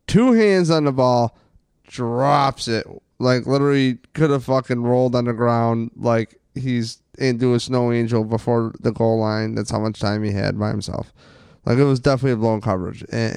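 A man co-hosting a casual sports podcast, ranting with plenty of profanity and excitement. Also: medium pitch, clean tone, no echo, clean studio sound. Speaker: podcast co-host.

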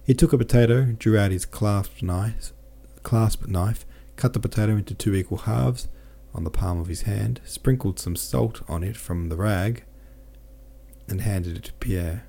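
Male audiobook narrator, deep and mellow; steady, measured reading. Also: gravelly. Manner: steady, measured reading with small self-corrections. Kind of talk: scripted narration of a novel.

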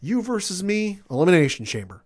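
A man putting on a gruff, boastful male pro wrestler in a mocking, repetitive bragging voice, pitched well above his own. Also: very animated, fairly quick.

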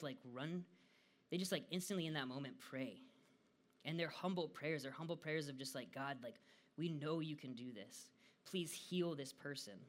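A man's voice: a little high, a bit bright. A young American man giving a casual devotional talk, chatty and full of fillers. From United States. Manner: casual and chatty, frequent "like" fillers, laughs often.

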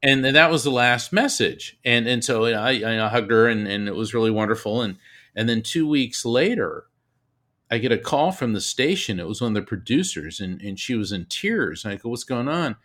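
Bright-voiced man telling stories. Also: medium pitch, normal speed. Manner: animated storyteller, repeats words, laughs often. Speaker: medium, guest. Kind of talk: storytelling in an interview.

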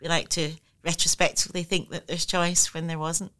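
A middle-aged woman talks through her thoughts in a relaxed interview, candid and quick to laugh, often circling back to rephrase. Her voice sits slightly low for a woman yet sounds bright and forward. Every word comes through smooth and crisp. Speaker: interview guest, writer. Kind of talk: reflective conversational interview.

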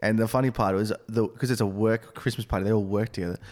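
A young adult man, a comedian guest on a podcast, telling animated stories bluntly and swearing constantly. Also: fairly low pitch, fast. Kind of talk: casual podcast chat, storytelling.

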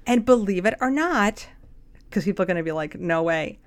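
A woman co-hosting a podcast, chatting casually and telling animated stories. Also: mid-range voice, a little fast. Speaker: podcast co-host. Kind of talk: casual chat.

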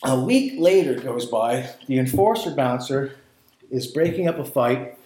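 A man telling a long story in casual chat, profane and animated, acting out quotes. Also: medium pitch, measured pace. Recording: roomy echo.

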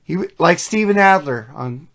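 A man's voice: on the high side, lively intonation, normal speed, a bit bright. A man hosting a podcast, talking about songs in a casual, profane and enthusiastic way that rambles. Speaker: podcast host. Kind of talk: casual music chat.

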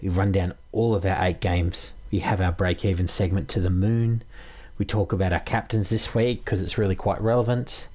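A man's voice: low-pitched, steady tone, moderate pace, a little mellow. A man hosting a podcast, upbeat and matey, throwing to his co-hosts. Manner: matey, upbeat, calls everyone mate. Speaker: podcast host. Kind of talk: casual podcast chat.

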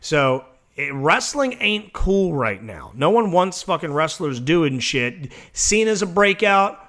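Brash, profane man with a higher voice. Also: sing-song, fairly bright tone. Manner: brash, profane, rapid-fire. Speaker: podcast co-host. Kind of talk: casual wrestling podcast chat.

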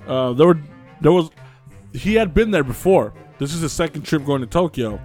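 A man co-hosting a casual podcast, retelling a story with lively acted-out quotes and plenty of swearing. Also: on the high side, normal speed, soft background music. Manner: animated storyteller acting out quoted voices, swears freely. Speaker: podcast co-host.

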